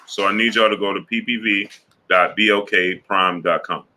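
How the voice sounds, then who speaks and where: A man hosting a casual boxing livestream, shouting out chat names and repeating his calls to action. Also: on the low side, steady tone, normal speed. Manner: repeats a call to subscribe.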